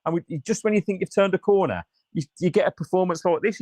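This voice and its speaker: A man's voice: high voice, fast talker, a little mellow, no room sound. A man hosting a fan channel, reacting live after a match in a frustrated, sweary rant and reading out viewer comments.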